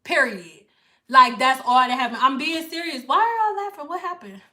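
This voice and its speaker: A woman hair stylist chatting casually to live viewers, animated and blunt, swearing freely and slipping into playful put-on voices. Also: sits high, moderate pace.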